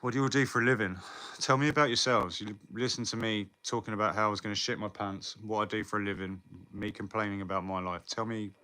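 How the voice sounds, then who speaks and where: A man talks loosely to his viewers, answering their comments and swearing freely. His voice sits a little low but comes across bright and forceful. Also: steady tone, quick pace. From England. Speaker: livestreamer. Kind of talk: casual live chat with viewers.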